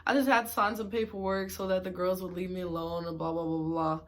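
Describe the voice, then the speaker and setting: A woman's voice: fairly low pitch, fairly even intonation, fast talker, natural voice. Breezy, dismissive young woman roommate, played by a woman telling a story.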